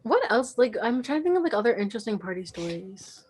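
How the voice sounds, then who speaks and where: A young woman co-hosting a podcast, chatting casually and telling an animated story full of "like" and acted-out quotes. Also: a little high, fast talker, husky. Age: young adult. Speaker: podcast co-host. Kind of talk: casual chat.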